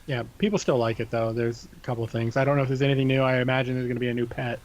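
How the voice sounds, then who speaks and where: A man's voice: mid-range voice, steady tone, very fast. A man co-hosting a gaming podcast, casually running through an event list with loose asides. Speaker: podcast co-host.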